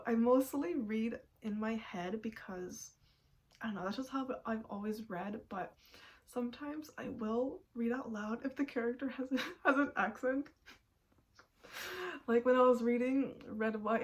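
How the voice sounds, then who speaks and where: Giggly young woman chatting casually. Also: on the high side. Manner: chatty, giggly, many "like" fillers. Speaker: booktuber. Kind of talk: casual chat. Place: at home.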